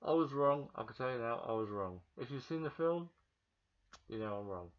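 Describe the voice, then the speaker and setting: A man giving a casual, excitable movie review vlog, chatting straight to the viewer and often repeating himself. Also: lowish voice, moderate pace. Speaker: vlogger. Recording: dull lo-fi recording.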